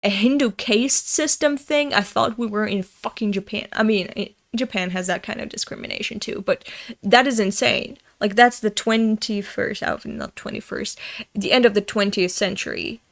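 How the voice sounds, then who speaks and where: A woman's voice: medium pitch, moderate pace, vocal fry. A young woman from Europe reading a comic aloud in casual commentary, ranting and swearing with indignation. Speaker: comic reader. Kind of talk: casual read-along commentary.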